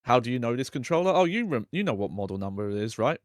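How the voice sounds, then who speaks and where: A man's voice: mid-range voice, very animated, fast talker, dry recording, clean studio sound. A man co-commentating a casual game stream, making laid-back, amused asides.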